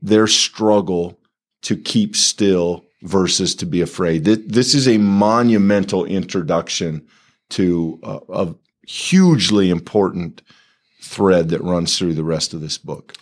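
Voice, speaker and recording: A man co-hosting a bible study discussion, talking in a thoughtful, halting way and often restarting his phrases. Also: low-pitched. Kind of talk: conversational bible commentary.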